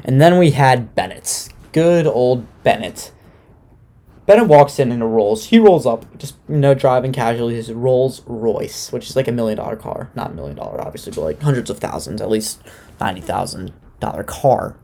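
A young man talking loosely and sarcastically, like a podcast host recapping television. His voice is mellow and dark, sitting at a middle pitch. He drops in a curse now and then without much fuss. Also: animated, moderate pace. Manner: loose, sarcastic, swears casually. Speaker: podcast host recapping a reality dating show. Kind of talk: casual chat.

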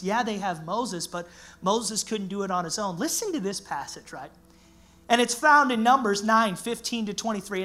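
A man preaching a sermon as pastor, animated and conversational, with slang and acted-out quotes. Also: high-pitched.

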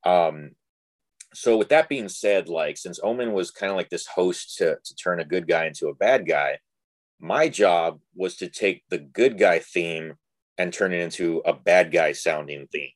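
Low-voiced young man telling a story. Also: a little slow, dry recording. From Texas. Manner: animated, filler-heavy, acts out quoted dialogue. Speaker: guest. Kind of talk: casual storytelling.

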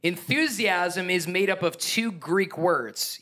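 A man preaching a sermon as pastor, energetic and emphatic, with playful asides and chuckles. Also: fairly high pitch, slow pace.

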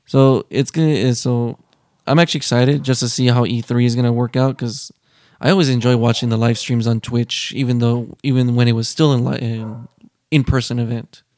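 A man co-hosting a podcast in casual chat, joking and chatty with drawn-out asides. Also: medium pitch, level tone, a little mellow, no room sound, studio quality. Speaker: podcast co-host.

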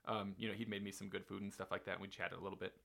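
Man, podcast host, loose animated storyteller, trips over his words. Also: low voice, racing, creaky. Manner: rambling, animated, many fillers and restarts. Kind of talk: casual storytelling chat.

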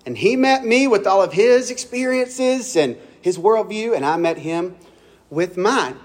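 A man's voice: high voice, expressive, a little slow. A man preaching a sermon in a conversational, storytelling way, often restarting his phrases. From Kentucky. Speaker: pastor.

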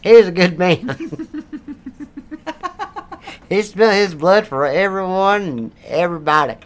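A man voicing a crude, loud redneck churchgoer who rants and curses, with a put-on drawl. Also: high-pitched, a little slow, clear, resonant tone. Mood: preachy ranting. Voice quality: brash, profane, rambling. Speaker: comedic character. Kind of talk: improvised comedy role-play.

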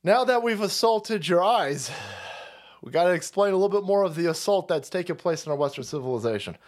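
A male streamer rants in a profane, sarcastic way and laughs often. His pitch swings widely as he goes. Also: animated, a little fast. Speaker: streamer host. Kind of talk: livestream commentary rant.

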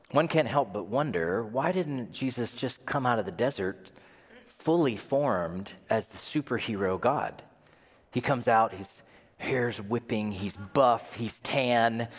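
A male pastor preaching a sermon, swinging from hushed to near-shouting. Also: medium pitch. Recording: long reverb of a large hall.

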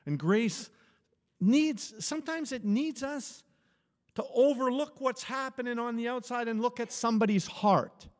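Slow-talking pastor in a reverberant hall. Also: male voice, very high-pitched. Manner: conversational, repeats and restarts phrases, chuckles often. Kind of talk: informal sermon with storytelling.

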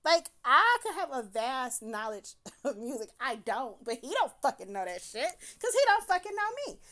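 Higher-pitched woman telling a story. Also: moderate pace. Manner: animated, profane, laughs while recounting. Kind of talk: casual storytime monologue.

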